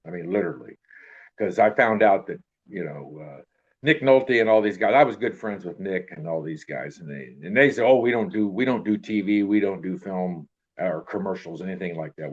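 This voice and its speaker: An older man with a lowish voice tells stories in a loose, rambling way. He restarts his sentences and lets them trail off with throwaway tags. The recording sounds a little dull and lo-fi. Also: expressive, brisk, husky. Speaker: actor telling stories. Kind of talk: casual anecdote in an interview.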